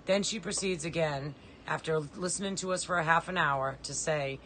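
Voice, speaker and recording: A woman's voice: sits low, moderate pace, a bit bright, slight background noise, rough recording. A middle-aged woman, a mother, making an urgent, pleading personal appeal in plain, direct words. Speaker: mother of a disabled son.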